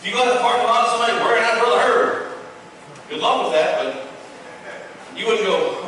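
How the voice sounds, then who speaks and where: A man, preaching a sermon in a folksy, animated way, with playful asides. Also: very high-pitched, brisk, pauses often, a little hiss or hum. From Texas. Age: 30s. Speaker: pastor. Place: church hall. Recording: echoey church hall, far from the mic.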